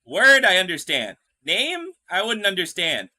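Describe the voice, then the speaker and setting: A man's voice: high voice, huge pitch swings, a little slow, bright, forceful tone. A young man streaming a video game live, chatting with his viewers, joking, and reading the game's lines aloud. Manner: chatty and jokey, reads game lines aloud, talks to chat.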